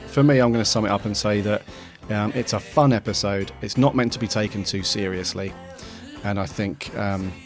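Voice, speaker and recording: A man hosting a podcast, talking in a relaxed, friendly way and thanking listeners. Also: lowish voice. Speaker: podcast host and founder. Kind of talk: casual chat.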